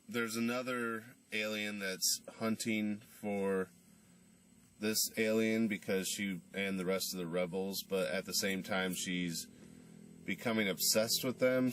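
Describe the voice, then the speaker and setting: A man with a lowish voice rambles through a casual movie recap, scoffing at the plot as he goes. He sits a little back from the mic, so the sound is slightly distant. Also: a bit bright. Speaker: movie reviewer. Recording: voice a bit far from the mic.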